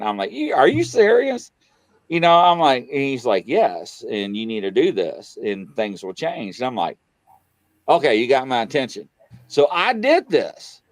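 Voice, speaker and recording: A man casually telling a story on a talk show, acting out the dialogue and jumping high in pitch when he gets excited. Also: no echo. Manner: animated, acts out quoted dialogue, voice jumps high when excited. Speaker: guest on a paranormal talk show.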